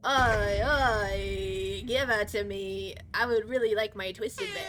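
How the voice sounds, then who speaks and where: A woman's voice: mid-range voice, slow, noisy background. A woman streaming a game live, commenting playfully, teasing other players and swearing freely.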